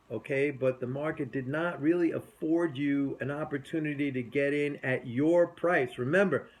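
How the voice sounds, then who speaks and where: A middle-aged man hosting a motivational trading talk, emphatic and blunt, swinging between loud bursts and low asides. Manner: blunt, scornful of other traders. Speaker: trading show host.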